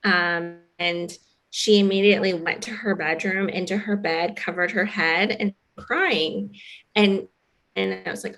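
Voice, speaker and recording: A woman's voice: medium pitch, unhurried, fairly bright tone. Reflective woman podcast host. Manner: reflective storytelling with fillers. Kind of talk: conversational podcast chat.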